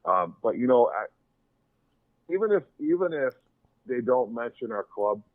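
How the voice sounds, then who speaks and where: A man's voice: medium pitch, sing-song, unhurried, no room sound. A man from a hobby club talking casually and agreeably as a guest on a call-in show. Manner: conversational, agreeable. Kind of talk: casual chat. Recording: tinny dry phone-line call.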